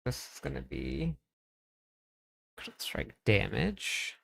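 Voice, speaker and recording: A man's voice: mid-range voice, huge pitch swings, slow pace, vocal fry, no echo. A man streaming a game, chatting casually, thinking aloud and talking to his chat. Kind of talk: casual live-stream commentary.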